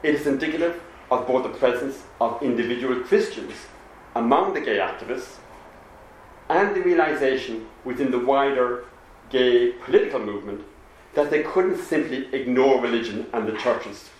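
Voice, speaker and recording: A man giving a public talk to an audience, reading and quoting from a pamphlet in a measured, explanatory manner. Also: medium pitch, a little hiss or hum. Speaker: public speaker. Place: meeting room with an audience. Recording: echoey room with faint ambience.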